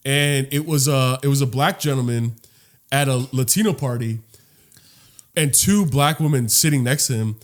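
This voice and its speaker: A man co-hosting a podcast in casual chat, animated and profane, rambling with many restarts. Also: mid-range voice, moderate pace. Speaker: podcast co-host.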